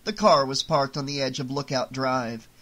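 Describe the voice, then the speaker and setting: An audiobook narrator reading a novel aloud in a steady storytelling manner. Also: medium pitch, moderate pace.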